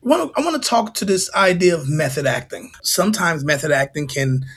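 A man playing a deadpan interviewer in a comedic mock interview, prompting with dry questions. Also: a little high, a little fast, breathy edge.

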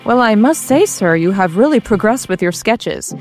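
A woman's voice: medium pitch, lively intonation, a little mellow, soft background music, natural voice. A woman voicing a polite, patient man who addresses his employer formally in a comic storybook reading. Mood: courteous. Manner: courteous, measured. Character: polite older male engineer, patient and formal.

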